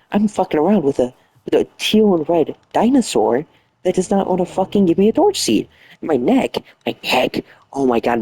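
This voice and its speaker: Gravelly young man grumbling at a game. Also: medium pitch, darkish tone. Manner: frustrated, muttering, swearing, half-whispered outbursts. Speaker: gaming streamer. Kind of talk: casual late-night gameplay commentary. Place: bedroom at night, lying down.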